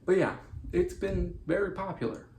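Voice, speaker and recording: A man's voice: sits high, expressive, moderate pace, darkish tone. A man making a gaming video, talking in a playful, self-mocking, chatty way. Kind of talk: casual video talk. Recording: echoey room with faint noise.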